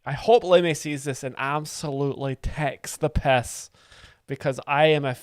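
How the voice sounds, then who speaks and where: A man hosting a live reaction stream as a mock expert, deadpan and sweary, making absurd claims. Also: on the high side, normal speed, clear, resonant tone, no room sound. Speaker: host, streamer.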